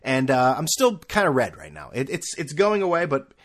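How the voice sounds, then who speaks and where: A young man talks through a solo podcast in a loose, rambling way, stacking fillers and restarts as he goes. His tone is sarcastic and mocking, and his pitch swoops up and down in a lively, animated way. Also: normal speed. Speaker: podcast host. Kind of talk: casual solo podcast monologue.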